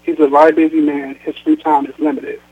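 A tired, defensive grown daughter , read by a man who keeps apologizing and dodging her mother's questions. The sound is thin and phone-like. The voice sits a little high. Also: level tone, a little fast, slightly rough. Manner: apologetic and evasive. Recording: tinny phone line.

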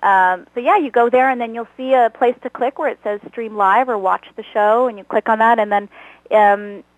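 A woman's voice: a little high, normal speed, no echo, poor audio. Chatty woman actor, dry close sound. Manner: chatty, laughs often, self-deprecating. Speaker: guest, comedy actor. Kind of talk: casual interview chat. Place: Los Angeles.

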